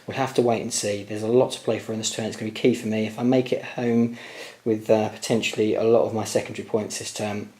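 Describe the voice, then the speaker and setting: A man's voice: lowish voice, flat delivery, fast, few pauses, warm tone. A man talking viewers through his tabletop wargame dice rolls, addressing them as guys. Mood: tired. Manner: talks to viewers as guys, hopeful and tense over rolls. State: tired late at night. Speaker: wargame player and channel host. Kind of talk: excited dice-rolling commentary to viewers.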